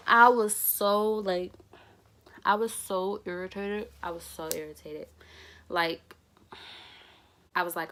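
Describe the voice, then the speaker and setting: Animated young woman telling a story. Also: medium pitch, unhurried. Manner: animated and laughing, acting out dialogue. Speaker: vlogger. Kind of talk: storytime vlog.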